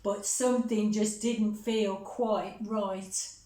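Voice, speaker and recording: A woman reading a picture book aloud to children, gently chatting with them between pages. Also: mid-range voice, fairly even intonation, slow. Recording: roomy echo.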